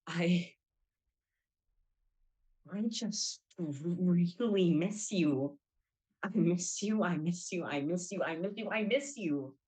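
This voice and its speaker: A woman's voice: on the low side, slow pace, pauses often. A young woman playing a lonely woman leaving a pleading, emotional voicemail in a stage monologue.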